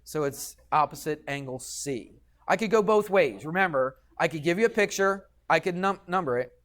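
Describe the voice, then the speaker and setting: A male math teacher talking through a geometry lesson in a classroom. His voice sits a little high for a man, and he is patient and talkative, tagging "okay?" onto his points as he checks in with the class. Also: animated, moderate pace, fairly bright tone.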